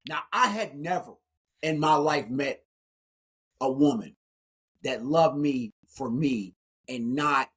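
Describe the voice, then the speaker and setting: Husky-voiced man telling his story. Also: medium pitch, takes it slowly, long pauses. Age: 40s. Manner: animated storyteller, acts out dialogue. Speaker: keynote speaker guest. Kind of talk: storytelling interview.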